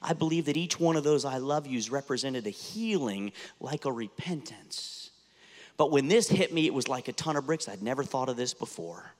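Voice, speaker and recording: A man's voice: mid-range voice, lively intonation, normal speed. A pastor in his fifties, born and raised in the United States, preaching an earnest sermon that rises to impassioned intensity. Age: 50s. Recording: long hall reverb.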